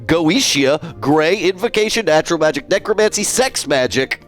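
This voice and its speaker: A man's voice: a little high, animated, moderate pace, soft background music. A man streaming live, chatting casually and jokily with his chat. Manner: playful, jokey, talks to chat.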